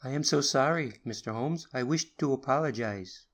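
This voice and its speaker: A man's voice: normal speed, a bit bright. A man voicing an anxious young secretary in an audiobook, earnest, apologetic and nervous. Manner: nervous and earnest, higher pitched. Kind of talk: audiobook character reading.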